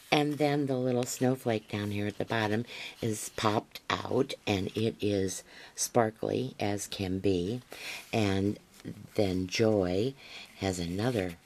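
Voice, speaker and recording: A woman's voice: a bass voice, slow pace, a little mellow. A woman crafter showing handmade gifts to camera in a casual unboxing chat, gushing and rambling with many fillers.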